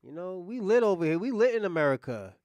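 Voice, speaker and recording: A man's voice: sits high, very animated, fast talker, darkish tone, no echo, muffled recording. A man hosting a reaction video, talking in a blunt, heated casual rant full of swearing.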